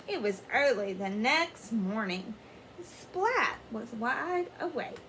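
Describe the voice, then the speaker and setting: A woman teacher reading a picture book aloud to children in an expressive way, pausing to ask them questions. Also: high voice, slight background noise. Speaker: elementary school teacher. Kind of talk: children's story read-aloud.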